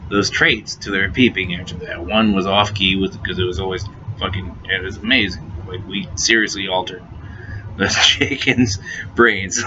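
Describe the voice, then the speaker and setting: Male storyteller, lowish and forceful, profane and giggly, faint hiss on a muffled recording. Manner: profane, laughing often, repeats and restarts words. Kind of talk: casual anecdote. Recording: dull lo-fi recording with faint noise.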